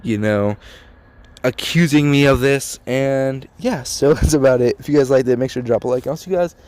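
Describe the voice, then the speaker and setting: A teenage boy rambles through a story at an easy middle pitch, stacking "like" and "dude" as he goes. His voice sits close and dry, with no room around it. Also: moderate pace, darkish tone, no room sound. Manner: rambling, heavy use of "like" and "dude". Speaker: storytelling vlogger. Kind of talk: casual storytelling.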